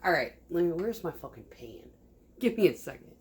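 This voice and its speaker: A woman's voice: low voice, big pitch swings, a little fast, breathy edge. A woman vlogger chatting casually at home, rambling, swearing a lot and laughing often. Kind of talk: casual chat while sewing. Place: home kitchen.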